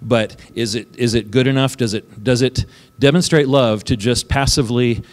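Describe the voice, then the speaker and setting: A man's voice: mid-range voice, steady tone, normal speed, in a large hall, a little hiss or hum. A man preaching a sermon as pastor, talking conversationally and often checking in with "right?" between points. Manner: conversational, keeps asking "right?" and chuckling. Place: church sanctuary.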